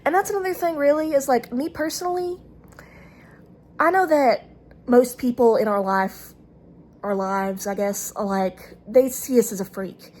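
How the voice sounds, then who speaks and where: A Southern-accented vlogger films herself, delivering a loose, rambling talk straight to the lens, hesitant and full of fillers and restarts. Her voice is a little high and darkish, her pace measured, with slight background noise.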